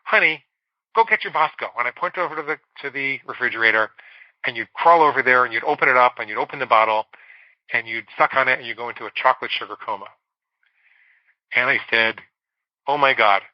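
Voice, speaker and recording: A middle-aged man speaks candidly about his own past, leaning on key words and slowing down to stress them. His voice sits in an ordinary middle pitch. The room is dry and close, and the sound is a little dull. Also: no room sound. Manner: candid, confessional storytelling with slow emphatic stretches. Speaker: guest psychologist. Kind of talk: storytelling in a podcast interview.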